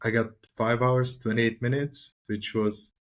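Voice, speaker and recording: A man's voice: mid-range voice, fairly even intonation, a little slow. A man guest on a podcast describing his first triathlon in a plain, matter-of-fact way. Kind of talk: casual podcast chat.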